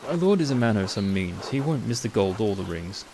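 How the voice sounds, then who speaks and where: A man voicing a polite male servant of a baron, who speaks in a measured, formal and deferential way as he reads game dialogue aloud. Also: on the low side, poor audio. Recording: steady rain noise behind.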